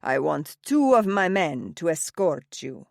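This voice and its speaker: A woman reading an audiobook, voicing a gruff, overprotective older father with an Italian accent who growls his orders. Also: lowish voice, big pitch swings, unhurried, dry recording, studio quality, heavily acted. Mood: commanding. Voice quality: growling, stern. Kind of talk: audiobook character voice. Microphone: close studio mic, dry.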